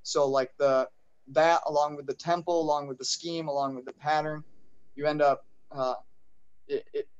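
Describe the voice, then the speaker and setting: A man with a slightly higher voice talks as a guest in a casual chat. He thinks aloud, hesitating and filling pauses as he works through his points. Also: flat delivery, clear, resonant tone, dull audio.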